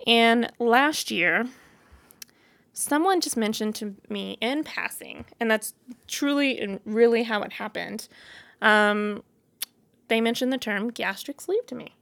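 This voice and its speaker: Frank, gravelly-voiced woman in her thirties. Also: on the high side, slow pace, fairly bright tone, no room sound. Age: 30s. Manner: frank and chatty, with many fillers. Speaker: vlogger. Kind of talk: candid personal storytelling.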